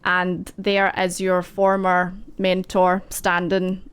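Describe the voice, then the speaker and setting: Woman game master, slow, rambling narration full of asides. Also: on the low side, completely flat delivery, a bit bright, clean tone. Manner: loose, rambling narration with many fillers and asides.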